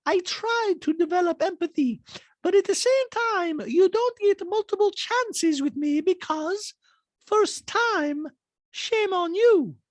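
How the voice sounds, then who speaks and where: A man doing a loud, fierce woman with a put-on Bosnian accent, squealing high and drawing out words. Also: animated, dry recording, full character voice. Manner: high squealing, drawn-out shouting.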